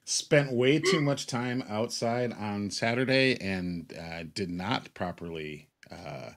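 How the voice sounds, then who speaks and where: Man, low voice, middle-aged, joking, rambling, casual chat, swears a lot. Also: expressive, takes it slowly. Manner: joking, rambling storyteller with profanity. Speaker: co-host.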